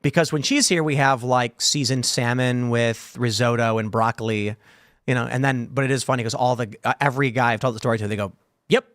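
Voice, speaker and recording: A man hosting a podcast, chatting casually with his panel and reading viewer comments aloud in an animated way. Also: mid-range voice, a little fast, dry recording, studio quality. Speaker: podcast host.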